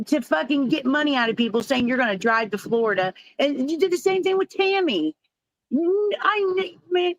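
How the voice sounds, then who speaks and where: A woman's voice: high voice, dry recording, low-quality recording. A woman arguing heatedly on a live stream panel, defensive and profane, often stumbling over her words.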